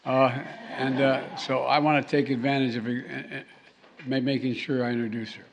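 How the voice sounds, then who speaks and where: A man speaking at a formal reception, halting and restarting, with joking asides to the audience. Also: medium pitch, little pitch movement. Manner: halting, with repeated words and trailing restarts; jokey asides to the crowd. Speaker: president giving a speech. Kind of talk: formal speech with off-the-cuff asides. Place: formal reception hall, indoors.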